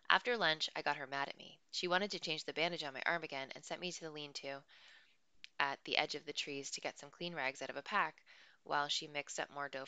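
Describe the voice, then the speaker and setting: A woman reading a novel aloud in an expressive, dry first-person narration. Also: deep voice, clean tone, dry recording. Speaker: audiobook reader.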